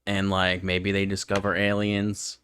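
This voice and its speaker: A young man from northern New York, co-hosting a podcast in casual chat, fast-talking and swearing casually. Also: deep voice, monotone, fairly bright tone, slight background noise. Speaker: podcast co-host.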